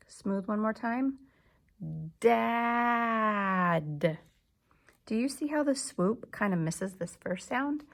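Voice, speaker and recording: A woman teaching an early reading lesson to young children, slow and patient, sounding out letters and words. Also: mid-range voice, a little mellow.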